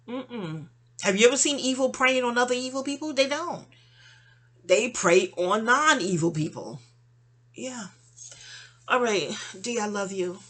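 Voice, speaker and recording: A woman talks straight to the camera in a loose, rambling vent, jumping between asides and slang. Her voice is slightly husky and breathy. Her pitch swings widely as she tells it. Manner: animated, exasperated storytelling with slang and asides. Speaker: vlogger venting to a friend. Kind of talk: rambling personal monologue.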